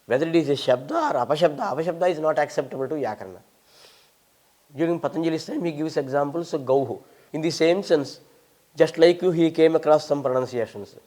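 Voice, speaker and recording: Speaking fast in a slightly high, darkish voice, an older Indian Sanskrit scholar answers audience questions. He has an Indian English accent and an emphatic, lecturing manner laced with wry humour.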